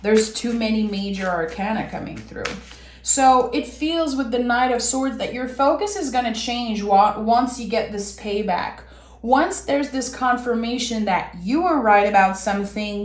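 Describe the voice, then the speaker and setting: A woman giving a tarot reading, talking earnestly and warmly straight to the viewer. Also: on the high side, unhurried. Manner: earnest, heartfelt, addresses viewer directly. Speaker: tarot reader. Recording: roomy echo.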